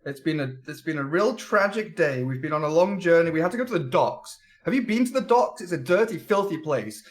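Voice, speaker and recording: A man's voice: on the high side, lively intonation, fairly quick. A man playing a tabletop character, rambling indignantly in a long complaint. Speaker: player. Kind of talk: in-character role-play.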